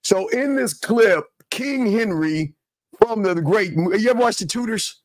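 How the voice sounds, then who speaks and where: A man hosting a casual talk show, animated and preachy, often repeating himself. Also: sits high, a little slow, no echo, clean studio sound. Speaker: podcast host.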